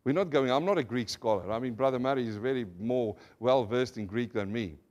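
A man's voice: mid-range voice, a little fast, darkish tone. A male pastor giving a sermon to a congregation, leading call-and-response and explaining word meanings step by step with rhetorical questions. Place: church service before a congregation.

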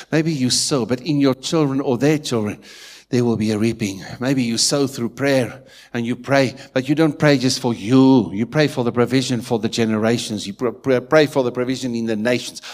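A man with a South African Afrikaans-tinged accent preaching a sermon in church, swinging from hushed asides to loud emphatic lines and often asking if the congregation is with him. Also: medium pitch. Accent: South African English, Afrikaans-influenced. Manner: keeps checking in with the congregation. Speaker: pastor.

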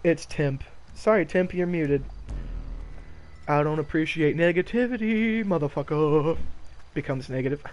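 A young man streaming a game, talking casually with loud, profane, laughing trash talk. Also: fairly high pitch, unhurried, long pauses. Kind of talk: casual gaming stream commentary.

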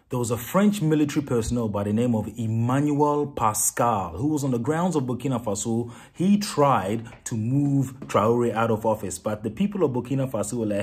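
A man giving animated, sarcastic political commentary as a vlogger. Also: medium pitch, moderate pace.

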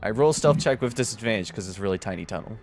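A man narrating a tabletop role-playing game as game master, casual and quick to laugh. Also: on the low side, expressive, faint music behind.

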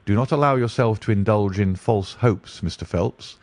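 A man voicing a brilliant, dreamy detective who speaks deliberately and muses aloud. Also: fairly low pitch, darkish tone, no echo, natural voice. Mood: musing. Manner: deliberate, musing.

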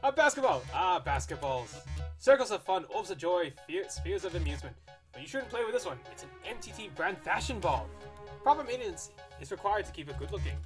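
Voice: mid-range voice, big pitch swings, fairly quick, faint music behind, lightly acted. A gamer voicing a flamboyant robot TV host in a put-on British accent, with theatrical announcer delivery. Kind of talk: let's play voice acting.

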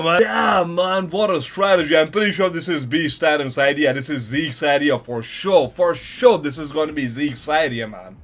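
A man hosting an anime reaction video, commenting live in an excitable way and tossing in "yo" and "man" a lot. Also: on the high side, normal speed, hardly any pauses. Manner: excitable, repeats "yo" and "man", bursts into laughs and shouts. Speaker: anime reaction channel host.

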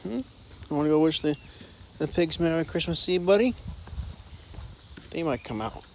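A man vlogging outdoors on a farm with his dog, chatting casually and talking to the dog in a high sing-song voice. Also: animated, normal speed, darkish tone, a little hiss or hum. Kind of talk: casual vlog narration. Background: faint outdoor ambience.

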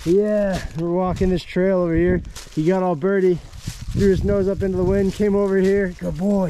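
A man vlogging while shed hunting in the woods, talking warmly to his dogs with excited praise and laughter. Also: sits high, moderate pace, slight background noise. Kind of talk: casual outdoor vlog talk to dogs. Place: woods outdoors.

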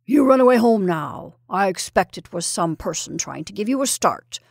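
A woman voicing a gruff, blustering old military colonel who talks in a brusque, commanding way. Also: medium pitch, animated, normal speed, no echo, studio quality.

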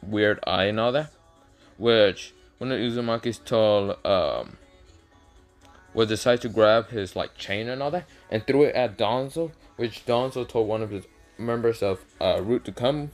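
A man's voice: on the low side, a little slow, soft background music. A man improvising a fan-fiction story aloud, rambling and hesitant, losing his place and swearing as he goes.

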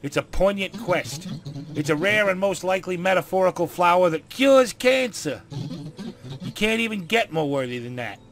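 Brief: man putting on an earnest, pushy trend-chaser, British-New York blend, fairly high voice. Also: animated, normal speed, fairly bright tone. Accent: British mixed with New York. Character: eager trendy man chasing relevance. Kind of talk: game dialogue read aloud.

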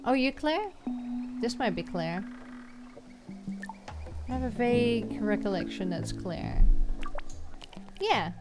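A Dutch-accented woman chatting her way slowly through a game, giggling and reading the lines out loud. Her voice sits fairly high, and game music plays steadily behind her. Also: big pitch swings. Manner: chatty, giggly, reads game dialogue aloud. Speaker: gameplay streamer. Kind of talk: casual let's play commentary.

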